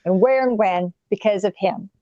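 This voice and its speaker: A woman's voice: medium pitch, moderate pace, warm tone, no room sound, dull audio. A woman co-hosting a political livestream, making points in an insistent, pointed way. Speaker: co-host. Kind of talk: heated political livestream chat.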